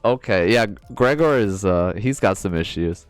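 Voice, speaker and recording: A man's voice: fairly low pitch, expressive, moderate pace, smooth, dry recording, soft background music. A man streaming a video game, chatting casually and reading the on-screen dialogue aloud.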